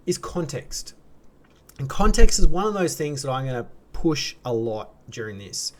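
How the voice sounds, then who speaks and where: A man with an Australian accent, explaining grammar in a relaxed, chatty teaching style with fillers and restarts. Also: on the high side. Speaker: language teacher. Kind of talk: casual explanatory lesson.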